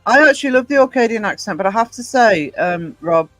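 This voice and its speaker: Casting note: high-pitched Northumbrian English woman, blunt casual co-host, dry close sound with faint music under her. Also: lively intonation, a little fast, no echo, low-quality recording. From Northumberland, England. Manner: chatty and blunt, swears casually. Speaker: podcast co-host. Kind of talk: casual chat.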